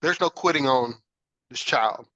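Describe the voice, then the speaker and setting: A man's voice: mid-range voice, measured pace, a bit bright, no room sound, lo-fi sound. A man hosting a podcast, earnestly telling a personal story and often checking in with "right?". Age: adult father. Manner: earnest, reflective, frequent "right?" check-ins. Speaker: podcast host.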